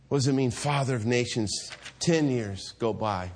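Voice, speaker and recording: A man preaching a storytelling sermon, animated, acting out the voices in his stories and laughing often. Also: mid-range voice, moderate pace.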